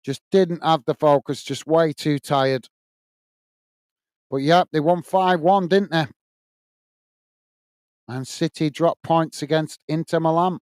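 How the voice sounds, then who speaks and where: A man's voice: a little high, steady tone, slow pace, pauses often, darkish tone, clean tone, no echo, studio quality. A man hosting a football watch-along, chatting casually, reading out viewer messages and calling the play. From United Kingdom. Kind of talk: casual live commentary and chat reading.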